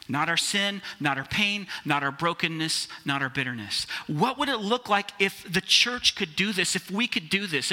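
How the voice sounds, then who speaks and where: A man's voice: high voice, pushed and bright. A man preaching a sermon as pastor, speaking conversationally and calling his listeners "guys".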